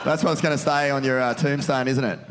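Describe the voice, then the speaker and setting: A man runs a casual chat as host. He teases his guests loudly and stops to explain things for the listeners at home. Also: mid-range voice, steady tone, fast, a crowd in the background, background noise. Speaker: podcast host.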